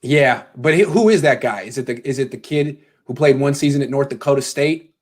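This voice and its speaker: A man's voice: medium pitch, a little fast. Rambling man hosting a call-in show. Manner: loose, rambling, joking. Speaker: host.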